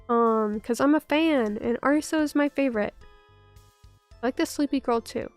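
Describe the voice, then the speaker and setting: Hoarse, high-voiced young woman streamer. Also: normal speed, dry recording, faint music behind. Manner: rambling, self-interrupting, swears, talks back to chat. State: hoarse from bronchitis. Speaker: VTuber streamer. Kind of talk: casual live-stream chat.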